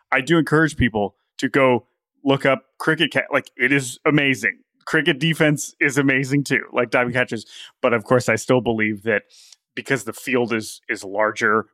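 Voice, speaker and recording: An eager male podcast co-host who rambles, restarting his sentences as he builds a point. His voice sits in a middle pitch, and the recording is dry and close-miked. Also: steady tone, moderate pace, sharp tone, no echo. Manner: enthusiastic, rambling with many restarts. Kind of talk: casual podcast chat.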